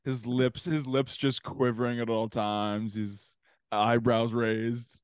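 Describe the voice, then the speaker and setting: A man's voice: medium pitch, little pitch movement, takes it slowly, clean tone, dry recording, studio quality. A man co-hosting a podcast in casual movie chat, laid-back, mostly giving short agreeing replies. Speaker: podcast co-host.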